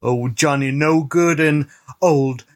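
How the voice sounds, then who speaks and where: A man putting on a slow-drawling saloon owner. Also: on the high side. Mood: pompous. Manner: slow, rambling mock-formal drawl. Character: drawling old-west male saloon owner. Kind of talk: improvised comedy bit. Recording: noisy backup recorder.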